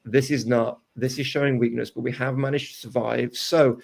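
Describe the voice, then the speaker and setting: A man's voice: mid-range voice, fairly even intonation, normal speed, vocal fry. A man coaching live day trading, talking through charts step by step and often checking in with "right?". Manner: explains steps, ends points with "right?". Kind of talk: live market analysis chat.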